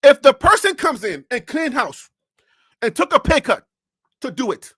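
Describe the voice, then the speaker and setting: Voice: high-pitched, sing-song, moderate pace, a bit bright, breathy edge, no room sound, studio quality. A sports talk host on a live stream who rants animatedly, fires off rhetorical questions and repeats phrases, speaking into a desk USB microphone.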